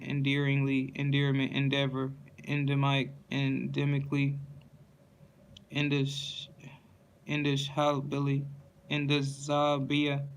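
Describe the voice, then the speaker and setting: Flat-voiced man reading word lists. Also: medium pitch, vocal fry, smooth. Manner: monotone word-by-word reading with stumbles and restarts. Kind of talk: reading dictionary entries aloud in a steady list.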